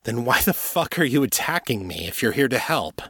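A man's voice: medium pitch, sing-song, normal speed, a bit bright, husky, no echo, heavily acted. Guy reading as a worn-out wry dude, blunt talk, dry sound. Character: weary male supernatural investigator, wry.

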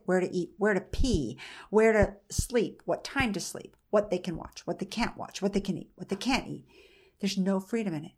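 A woman in her forties, a mother being interviewed, telling her story in an earnest, conversational way, often restarting and repeating phrases. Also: medium pitch.

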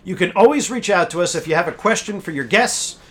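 A man co-hosting a casual podcast, bantering quickly and reading sponsor ads. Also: sits high, lively intonation, a bit bright. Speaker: podcast co-host.

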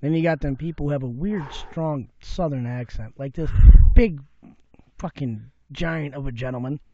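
A man's voice: fairly high pitch, normal speed, mellow, dull audio, a little hiss or hum. A man chatting as a podcast guest, swearing freely and telling a story with put-on voices. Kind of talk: casual podcast chat.

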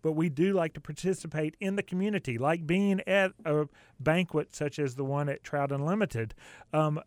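A man's voice: a little high, normal speed, no echo. A man co-hosting a radio show in a studio, talking casually and rambling a little with fillers.

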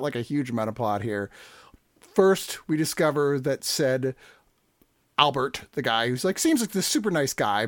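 A man hosting a casual movie review podcast, rambling and animated, swearing freely. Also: mid-range voice, no room sound, studio quality. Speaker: podcast host.

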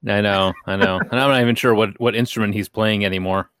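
A man's voice: fairly low pitch, fairly even intonation, fast, fairly bright tone, smooth, no room sound, clean studio sound. A man hosting a casual podcast chat, jokey and swearing now and then as he leads the show. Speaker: podcast host.

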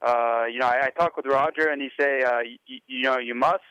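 A man's voice: medium pitch, steady tone, fairly quick, bright, forceful tone, smooth, no echo, close to an everyday voice. A man putting on a German accent to play a hesitant young male racer who speaks broken English full of fillers and restarts, on a dull lo-fi radio recording. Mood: halting. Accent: German (put on).

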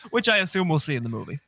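A man's voice: a little high, very animated, a little fast, gravelly, bright, forceful tone, no room sound. A man co-hosting a podcast who keeps the chat moving in a casual way. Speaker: podcast co-host.

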